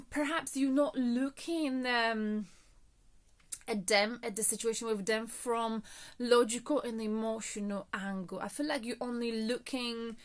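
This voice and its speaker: Breathless, chatty woman tarot reader. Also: fairly high pitch. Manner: chatty, frequent fillers and "okay?" check-ins. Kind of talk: casual tarot reading monologue.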